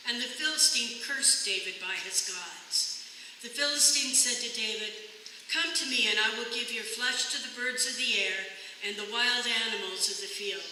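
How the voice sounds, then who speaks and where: A person reading scripture aloud in a church service in a steady, measured way. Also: medium pitch, far from the mic, a little hiss or hum. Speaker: scripture reader. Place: church sanctuary. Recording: echoey church hall from afar.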